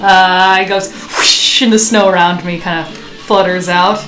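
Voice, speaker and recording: A woman's voice: fairly low pitch, fairly even intonation, normal speed, reverberant, music in the background, low-quality recording. A woman playing a tabletop game, talking hesitantly with many fillers. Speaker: player. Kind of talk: casual tabletop play.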